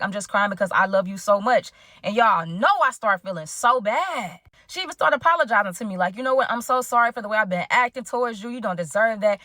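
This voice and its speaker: Fast-talking woman telling a story. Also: medium pitch, no echo, clean studio sound. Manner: animated, addresses listeners as "y'all", acts out quoted dialogue. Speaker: caller telling her story. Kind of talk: casual storytelling.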